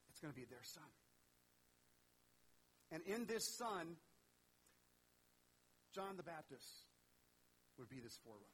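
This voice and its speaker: A man's voice: fairly high pitch, sing-song, measured pace, long pauses, fairly bright tone, slightly rough, poor audio. A man preaching a sermon in a conversational way, asking questions and acting out the characters in the story. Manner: conversational, asks the audience questions, acts out voices. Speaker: pastor.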